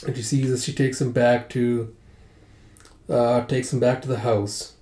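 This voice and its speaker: A man's voice: mid-range voice, flat delivery, a little slow, dark tone. A man casually narrating a comic readthrough, chatty and full of asides. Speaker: comic reader. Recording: roomy echo.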